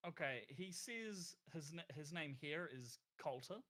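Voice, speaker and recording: A man's voice: on the high side, expressive, unhurried, pushed and bright. A man talking through his character's choices as a player in a casual tabletop game, rambling with many fillers and restarts.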